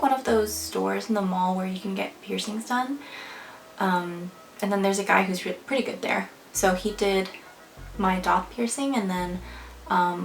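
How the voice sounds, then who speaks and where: A young woman in casual vlog talk to camera, chatty and filling her speech with "like" and "um". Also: medium pitch. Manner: chatty, many fillers like "like" and "um". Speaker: vlogger. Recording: echoey room, a bit far from the mic, faint music.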